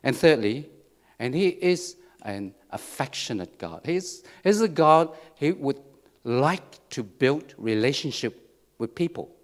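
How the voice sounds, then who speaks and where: A man's voice: mid-range voice, lively intonation, takes it slowly. Man preaching with frequent restarts. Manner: repetitive, restarts phrases, asks "okay?" and "right?". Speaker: pastor. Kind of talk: sermon.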